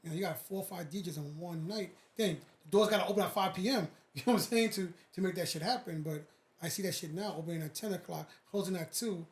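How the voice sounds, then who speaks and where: A man's voice: high voice, fast talker. A man co-hosting a podcast, asking questions and adding short agreements in casual chat.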